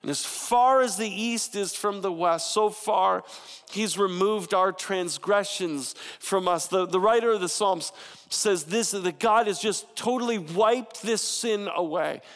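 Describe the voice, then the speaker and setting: Somewhat slowly and with a fairly bright tone, a thirtysomething male pastor gives a sermon as a conversational story sprinkled with playful asides. His voice is high for a man, and the audio has long hall reverb.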